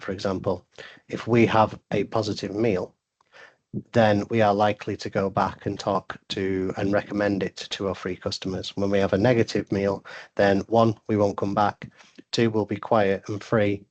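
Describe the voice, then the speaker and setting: A man speaking as a sales consultant guest on a webinar, giving earnest advice and often repeating words as he starts a thought. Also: on the low side.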